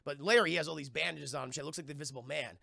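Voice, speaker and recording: A man with a gravelly, fry-heavy voice recaps a TV episode for his stream chat. His tone is bright and forceful, and the sound is dry and close. He rambles, swears freely and drops into quick impressions of the characters. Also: a little high, no room sound. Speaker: TV review streamer. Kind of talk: casual live-stream recap.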